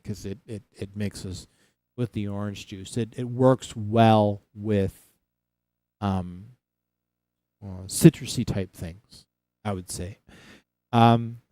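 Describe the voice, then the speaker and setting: Smooth-voiced man rambling on a livestream. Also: on the low side, darkish tone, no echo. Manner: rambling, restarts often, chats with viewers. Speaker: livestream host. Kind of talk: casual livestream chat. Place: home in Saskatchewan.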